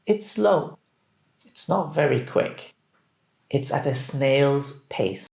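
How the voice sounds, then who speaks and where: A man teaching English, reading phrases deliberately and clearly so that learners can repeat them. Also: medium pitch, lively intonation, darkish tone. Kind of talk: scripted language drill. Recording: roomy echo.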